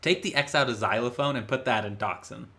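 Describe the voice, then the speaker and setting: A man's voice: medium pitch, brisk, bright, forceful tone. A man co-hosting a podcast in casual chat, easygoing and dropping dry wisecracks. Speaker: podcast co-host.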